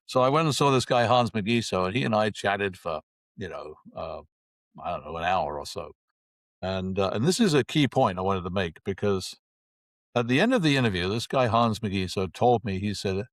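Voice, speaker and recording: A man in his sixties from England, a guest telling lively anecdotes in conversation and acting out the dialogue. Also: deep voice, normal speed, no room sound. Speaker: interview guest. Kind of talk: conversational storytelling.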